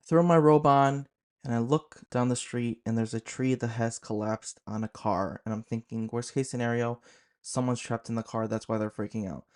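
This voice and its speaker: A young man casually recounting a scary night in a vlog, with an animated, dramatic delivery and lots of "like". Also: medium pitch. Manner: animated, fillers of "like", dramatic retelling. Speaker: horror storyteller host.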